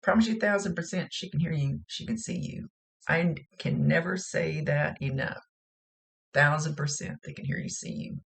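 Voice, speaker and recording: A woman who works as a psychic medium gives a rambling, chatty reading, laughing frequently. Her voice sits low, with vocal fry, at a normal speed.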